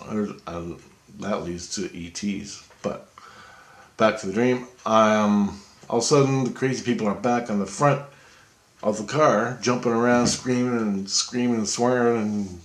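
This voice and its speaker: A man's voice: on the low side, steady tone, measured pace, echoey room. A man casually telling a dream story, rambling and conversational.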